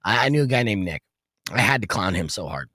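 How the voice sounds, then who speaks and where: A man in his thirties, hosting a podcast, telling stories in an animated, rowdy way and yelling out the lines he quotes. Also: fairly low pitch, fast, no room sound, clean studio sound. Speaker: podcast host. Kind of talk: casual podcast storytelling.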